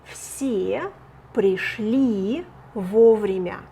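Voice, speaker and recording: A woman with a Russian accent teaching a language lesson, speaking slowly and carefully and repeating example words. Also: mid-range voice, creaky, dark tone, husky.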